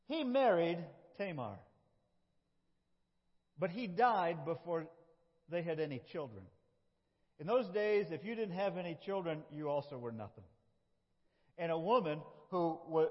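High-voiced pastor in echoing hall. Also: male voice. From upstate New York. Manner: folksy, self-deprecating, laughs often. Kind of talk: sermon. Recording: dull lo-fi sound with long hall reverb.

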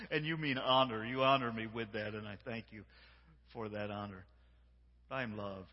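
A man giving a sermon as a guest preacher, warm and repetitive, drawing the congregation into call-and-response, swinging between hushed words and shouts. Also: lowish voice, measured pace. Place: large church sanctuary. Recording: dull sound with long hall reverb.

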